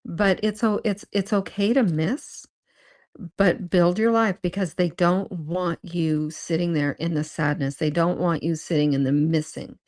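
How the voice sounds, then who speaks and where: A woman co-hosting a podcast, earnestly sharing a personal story in casual chat, with halting restarts. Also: fairly low pitch, steady tone, a little mellow. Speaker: podcast co-host.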